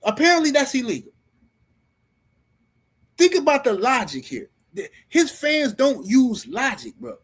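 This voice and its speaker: A man with a high, husky voice hosts a live stream and rants about boxing. He talks heatedly and in slang, speaking straight to his viewers. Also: big pitch swings, measured pace, long pauses.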